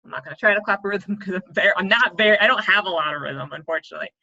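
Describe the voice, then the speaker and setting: A woman's voice: medium pitch, racing, vocal fry, pushed and bright, muffled recording. A woman coach teaching a chatty, upbeat online writing lesson, explaining step by step.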